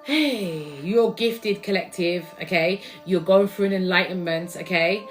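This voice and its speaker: A woman's voice: on the low side, measured pace, faint music behind. Chatty woman giving a reading. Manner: chatty, slangy, swings between loud and hushed. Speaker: tarot reader. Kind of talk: spiritual reading to viewers.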